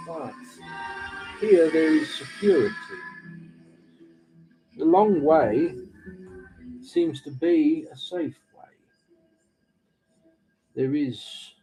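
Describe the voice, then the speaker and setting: A man hosting a live tarot reading stream, giving measured, slow pronouncements with dry teasing asides. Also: medium pitch, mellow, rough recording. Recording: music playing underneath.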